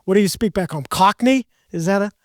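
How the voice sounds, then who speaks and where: A man's voice: sits high, a little fast, no room sound, clean studio sound. A man hosting a podcast, talking candidly in a rambling, self-deprecating way. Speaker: podcast host. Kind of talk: casual podcast conversation.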